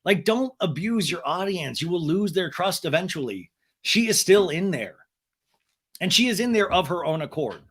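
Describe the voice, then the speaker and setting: A sarcastic male podcast host giving comedic recap commentary, his speech full of swearing. His voice sits a little high and swoops a lot as he riffs. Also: normal speed, breathy edge. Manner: animated, sarcastic, profane.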